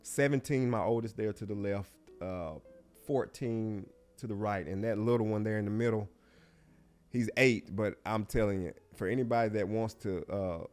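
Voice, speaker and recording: A middle-aged man speaks at normal speed in a lowish voice as he shares a personal story on an interview show, faint music behind him. The telling is reflective and heartfelt, often dropping quiet and breaking off.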